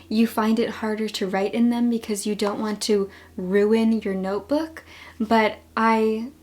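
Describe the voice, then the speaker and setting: A woman's voice: fairly high pitch, a little mellow. A young woman with a Long Island accent chatting casually in a haul vlog, gushing and laughing often. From New York. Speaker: book vlogger.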